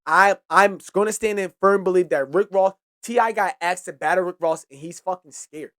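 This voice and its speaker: A man's voice: high-pitched, normal speed, a bit bright. A man hosting a hip-hop podcast who talks casually and profanely, gives heated opinions and often trails off and restarts his sentences. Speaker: podcast host.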